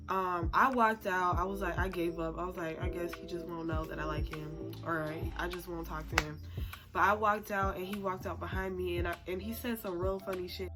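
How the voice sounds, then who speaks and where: A woman in her twenties, a storytime vlogger, tells a personal story to camera in a casual, chatty style, dropping "like" constantly and laughing at herself. Her medium-pitched voice sounds pushed and bright, with music playing in the background.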